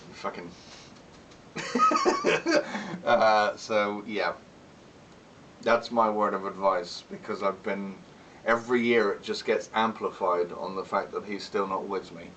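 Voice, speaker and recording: A man's voice: on the low side, steady tone, unhurried, a bit bright, far from the mic, slight background noise, rough recording. A man chatting casually in a vlog, rambling and candid, swearing often and laughing between remarks. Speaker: vlogger.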